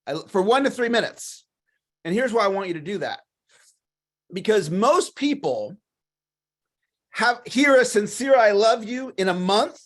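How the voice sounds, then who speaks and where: Man, motivational livestream talk, high voice, enthusiastic, repeats himself, clears his throat. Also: animated, unhurried, pauses often. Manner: enthusiastic, repetitive, coaching. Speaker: sales coach.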